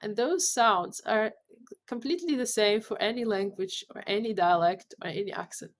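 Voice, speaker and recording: A woman's voice: medium pitch, normal speed. A woman who is not a native English speaker, a company head as guest, explaining technical ideas with frequent fillers and restarts. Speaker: CEO and guest. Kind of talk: podcast interview.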